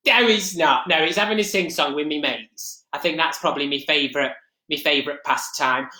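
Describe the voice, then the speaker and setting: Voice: medium pitch, brisk, bright, forceful tone, lightly acted. A performer playing Mrs Mabel Green, a chatty, gossipy middle-aged Nottingham woman with an East Midlands accent, rambling through a comic live-stream monologue. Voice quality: rambling, gossipy, with many fillers and asides. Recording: echoey room.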